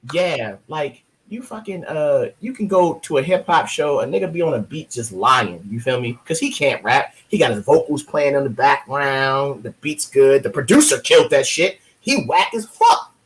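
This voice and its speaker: A man in his thirties from Baltimore with an American accent, a guest poet telling stories in a casual interview, lively and profane, acting out other people's voices. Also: mid-range voice, moderate pace, hardly any pauses, rough recording. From Baltimore, USA. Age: 30s.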